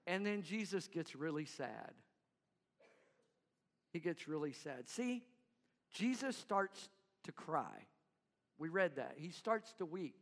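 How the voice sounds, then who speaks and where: High-voiced man preaching in a reverberant hall. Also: slow, long pauses. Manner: animated, acts out crowd voices, drops to quiet low tones. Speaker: pastor. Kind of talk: sermon.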